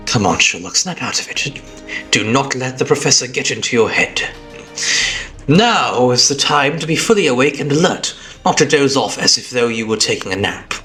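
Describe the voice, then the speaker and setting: A man with a British accent voicing a calm, analytical male detective while reading game dialogue aloud on a live stream, measured and deliberate. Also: medium pitch.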